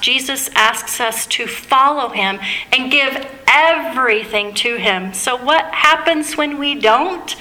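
A woman preaching in a conversational sermon, asking her listeners questions as she goes. Her voice is high and bright. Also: low-quality recording. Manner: conversational, asks the congregation questions.

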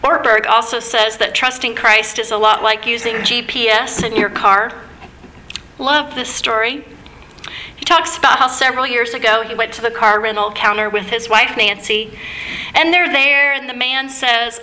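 A woman preaching in a conversational sermon, asking her listeners questions as she goes. Her voice is high and bright. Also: steady tone, normal speed, poor audio. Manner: conversational, asks the congregation questions.

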